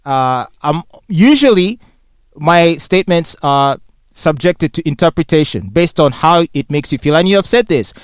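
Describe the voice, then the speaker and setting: A man with a Ugandan English accent, co-hosting a radio show, arguing in a measured, precise and lawyerly way. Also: on the high side, clean tone, dry recording, clean studio sound. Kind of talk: heated studio debate.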